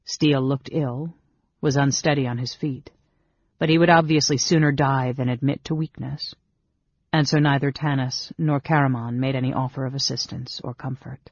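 A man narrating a fantasy audiobook in a measured, even storytelling manner. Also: medium pitch, dry recording, muffled recording. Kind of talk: scripted narration.

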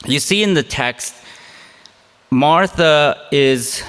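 A man's voice: on the high side, slow pace, fairly bright tone, clear, resonant tone. A man preaching a conversational sermon as a pastor, casual and self-deprecating, with chatty asides. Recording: long hall reverb.

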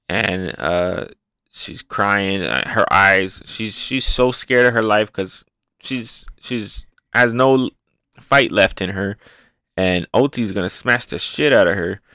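A man hosting a casual, excitable, rambling review show, often repeating words as he talks. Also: lowish voice, slow, clean tone, no echo. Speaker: podcast host reviewing manga. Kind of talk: casual chat.

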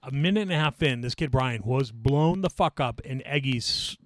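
A man's voice: mid-range voice, expressive, moderate pace, no echo, studio quality. A man who is a guest on a podcast, telling stories in a blunt, profane, matter-of-fact way. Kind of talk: casual chat, storytelling.

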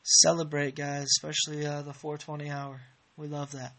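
Male podcast host, rambling casual chat, laid-back, slightly higher voice. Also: monotone, moderate pace, few pauses, sharp tone.

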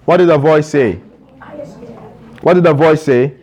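A man's voice: on the high side, unhurried, a little mellow. A man preaching a sermon to a congregation in a church, asking rhetorical questions and calling for responses.

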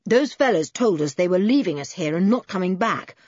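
A woman's voice: on the low side, expressive, a little fast, a little mellow, slightly rough, no room sound, lo-fi sound. A woman voicing a brave young man, a pilot, speaking steadily and practically.

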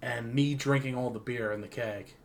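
A man's voice: medium pitch, fairly even intonation, moderate pace, crowd noise. A man in a casual chat, recalling a night out in a loose, rambling way.

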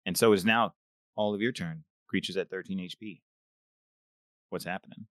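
A man's voice: deep voice, steady tone, normal speed, fairly bright tone, no echo, clean studio sound. A man running a tabletop game as game master, explaining rules and thinking aloud with restarts.

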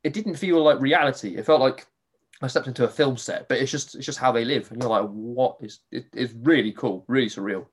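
A man's voice: mid-range voice, brisk, slightly rough. Man telling a story with energy. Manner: animated, swearing, acts out his own reactions. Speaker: podcast host. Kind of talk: casual storytelling chat.

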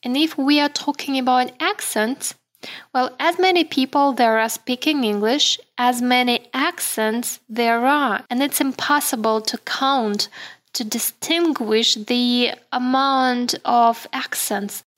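A woman hosting a solo podcast who explains things in a measured way and speaks directly to her listeners. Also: high-pitched, a bit bright. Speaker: podcast host.

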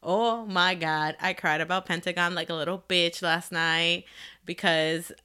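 A young woman with a bright, clear-edged voice co-hosts a casual podcast. She tells stories in a gushing, emotional way and talks with her friends. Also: on the low side, a little slow. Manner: gushing, emotional, animated storyteller. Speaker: podcast co-host. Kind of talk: casual chat.

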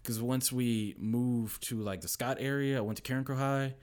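A young man telling stories as a podcast guest, lively and quoting people in put-on voices. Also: mid-range voice, moderate pace. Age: young adult. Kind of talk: casual storytelling chat.

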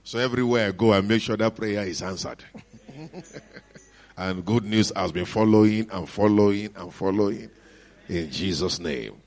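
A middle-aged man with a Nigerian accent, preaching and telling a testimony in an animated, joyful manner. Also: lowish voice, normal speed. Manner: animated storytelling with frequent laughs and hallelujahs. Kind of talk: sermon testimony.

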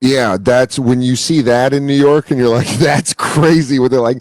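Animated man, dry close mic. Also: mid-range voice, normal speed, few pauses, no room sound, low-quality recording. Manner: animated storyteller, acts out voices, swears freely. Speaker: podcast host. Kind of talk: casual chat.

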